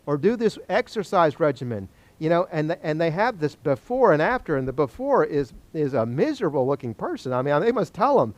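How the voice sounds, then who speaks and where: Animated man teaching scripture. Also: on the high side, a little fast, hardly any pauses, dry recording, dull audio. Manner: animated, joking, asks the class questions. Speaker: Bible study teacher. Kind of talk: Bible study lecture.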